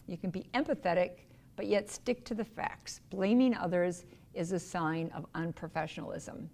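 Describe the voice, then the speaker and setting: A woman giving a recorded workplace training lecture on customer service, earnest and instructive, sometimes acting out quick quoted voices. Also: on the low side, darkish tone.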